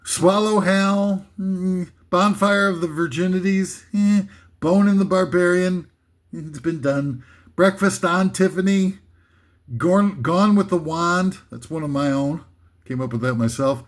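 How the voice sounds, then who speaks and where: An older man reading a comic list in a rambling, deadpan monologue, with many fillers and restarts. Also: high-pitched, unhurried. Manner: reads titles flatly, laughs at his own jokes, many fillers and restarts.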